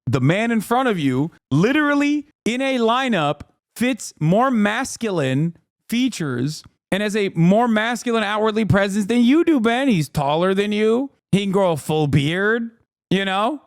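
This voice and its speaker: A man in his thirties streaming a reaction, talking casually and excitedly with laughs and quick bursts of exclamation. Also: high voice, no echo, studio quality. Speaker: streamer reacting to a debate video.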